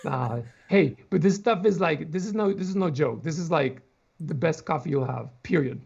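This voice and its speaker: A man's voice: a little high, moderate pace, gravelly, husky. A man, a pastor, chatting casually and enthusiastically on a video call, born on an island outside America. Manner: animated, enthusiastic, with restarts. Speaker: pastor and guest. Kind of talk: casual livestream chat. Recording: dull lo-fi video call audio.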